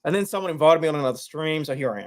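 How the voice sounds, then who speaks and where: A man's voice: on the high side, very fast. A man, a guest streamer chatting in a laid-back, rambling way. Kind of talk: casual livestream chat.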